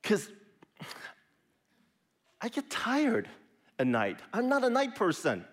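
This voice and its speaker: Lively conversational male preacher. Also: sits high, slow pace. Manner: lively, conversational preaching with sudden soft drops. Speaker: pastor. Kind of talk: sermon.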